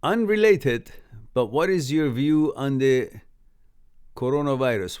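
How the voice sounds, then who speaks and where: A man's voice: medium pitch, lively intonation, a little slow, darkish tone, clean tone. A man from Canada hosting a live stream, reading viewer comments aloud with chuckles and upbeat asides. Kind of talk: casual live-stream chat.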